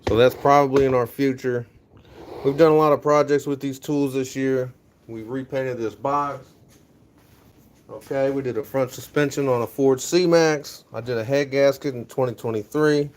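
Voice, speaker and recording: A man's voice: medium pitch, fairly even intonation, moderate pace. Upbeat young man streaming from his garage. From USA. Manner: rambling, upbeat motivational, talks to chat. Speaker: livestreaming garage vlogger. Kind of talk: casual live-stream chat while organizing tools. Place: home garage.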